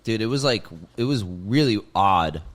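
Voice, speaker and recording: A young man with a lowish voice tells a long, rambling story on a podcast. He leans hard on filler words and swearing. He jumps up loud and high whenever the story excites him. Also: a little slow. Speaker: podcast host, comedian. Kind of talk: casual storytelling chat.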